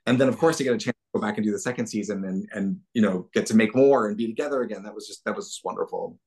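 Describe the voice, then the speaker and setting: A man's voice: lowish voice, racing. Enthusiastic man chatting as a guest. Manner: warm, enthusiastic, reflective with many restarts. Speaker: puppeteer guest. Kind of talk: casual interview chat.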